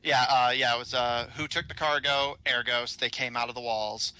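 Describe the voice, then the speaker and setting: A man's voice: mid-range voice, steady tone, moderate pace, bright, forceful tone, smooth, no room sound. A man narrating a tabletop game as game master, rambling along with many ums and uhs.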